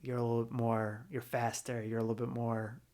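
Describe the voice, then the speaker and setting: A man co-hosting a pop culture podcast chats in a loose, easygoing way. He swears casually as he pitches ideas. His voice sits at a plain middle pitch. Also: little pitch movement, a little fast, a little mellow. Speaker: podcast co-host. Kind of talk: casual chat.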